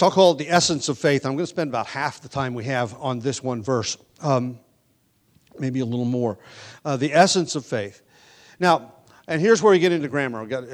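A man preaching an expository sermon, explaining grammar patiently with frequent restarts, then building to emphatic stress on key words. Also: mid-range voice. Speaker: pastor.

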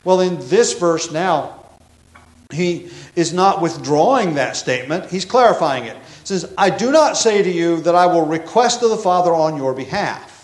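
A man's voice: fairly high pitch, animated, normal speed. A man pastor preaching an expository sermon, emphatic and explanatory, with frequent self-corrections. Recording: echoey room.

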